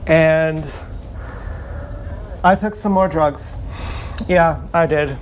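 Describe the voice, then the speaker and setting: A man's voice: on the high side, steady tone, slow pace, long pauses, a little hiss or hum. A man livestreaming from an action camera, rambling off the cuff in a playful, joking way. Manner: stream-of-consciousness, joking, playful. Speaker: livestreaming vlogger. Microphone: action camera mic.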